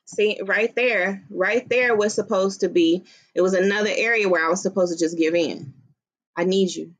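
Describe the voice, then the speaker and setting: A woman at a middle pitch speaks to her viewers in a conversational, reflective tone. She explains things step by step as if breaking them down for an audience. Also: steady tone, normal speed. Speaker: vlogger telling her story. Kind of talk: storytime commentary on a recording.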